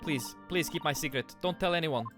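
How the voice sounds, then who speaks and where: A man's voice: on the high side, a little fast, music in the background, voice pushed up, close to an everyday voice. A man reading game dialogue aloud as a frightened young woman ballerina, nervous and stammering. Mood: pleading.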